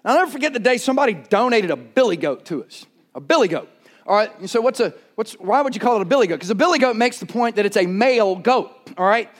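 Male pastor, middle-aged, very high voice, animated sermon delivery with shouted bits. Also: quick pace. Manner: animated storytelling, shouts during anecdotes.

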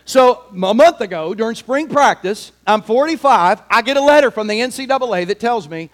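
A man in his forties preaching a sermon, animated and shouting at the peaks of his personal stories. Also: very high-pitched, moderate pace. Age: 40s. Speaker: pastor.

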